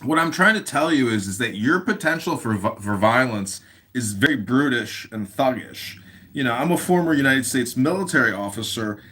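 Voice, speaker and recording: Lively-voiced man telling rambling stories. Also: medium pitch, moderate pace. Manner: rambling, provocative, playful. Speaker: guest on an audio chat room. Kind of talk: casual chat, storytelling.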